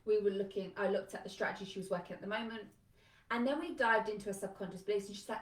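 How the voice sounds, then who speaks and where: A woman business coach giving an energetic, emphatic live talk, chatty and full of "like". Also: medium pitch, fast talker. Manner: energetic, emphatic, conversational with lots of "like". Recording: echoey room, a bit far from mic.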